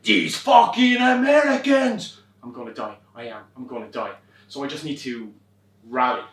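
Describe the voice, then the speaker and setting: A young Irish man performing a wry comic monologue on a theatre stage, swearing and animated as he tells a story. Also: mid-range voice, brisk, close to an everyday voice. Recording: roomy stage from far off.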